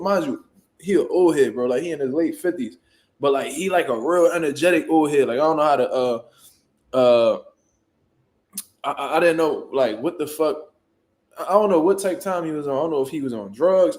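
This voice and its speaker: A man, a boxing trainer, telling a story in casual, profane, animated talk and loudly acting out what people said. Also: fairly high pitch, brisk. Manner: profane, animated, jumps into loud acted-out quotes.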